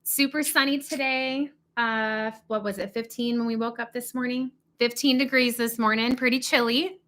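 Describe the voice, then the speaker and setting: A woman hosting a casual livestream from a cabin, chatty and excitable, talking without her usual podcast microphone. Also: fairly high pitch, normal speed. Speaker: livestream host. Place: indoors in a cabin. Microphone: not her usual podcast microphone.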